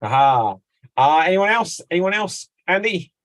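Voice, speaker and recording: A man hosting an online improv game over a video call, brisk, playful and teasing. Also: high-pitched, sing-song, fairly bright tone. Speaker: host.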